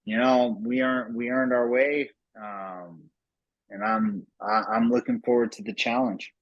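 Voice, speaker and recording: A man, a fighter on a media call, speaks in a relaxed, slangy way. His pitch is middling and the sound is dry. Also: unhurried, dry recording, dull audio. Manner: laid-back, slangy. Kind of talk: casual press call talk.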